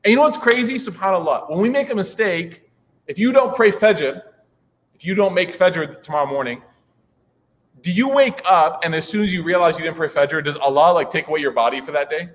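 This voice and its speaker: A man in his thirties giving a humorous religious talk to an audience, chatty, with joking asides and many fillers. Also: on the high side. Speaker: preacher. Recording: reverberant hall.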